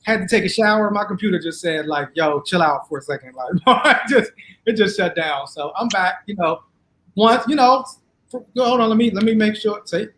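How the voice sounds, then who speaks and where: A man's voice: high-pitched, moderate pace, sharp tone, roomy sound, rough recording. A man co-hosting a podcast, talking in a laid-back, joking way. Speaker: podcast co-host. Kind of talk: casual podcast chat.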